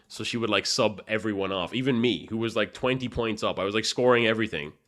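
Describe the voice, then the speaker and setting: A young man with an Irish accent, a chess streamer casually telling a story to his live chat in a profane, animated way. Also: lowish voice, fast. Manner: profane, animated, swings between loud and mumbled.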